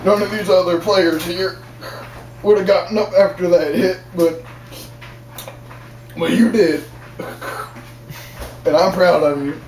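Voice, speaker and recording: A young man putting on the voice of an older male football coach who is gruff, earnest and full of praise, talking slowly and repeating himself. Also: sits high, steady tone, a little mellow, roomy sound, recorded from a distance, slight background noise, poor audio. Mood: praising.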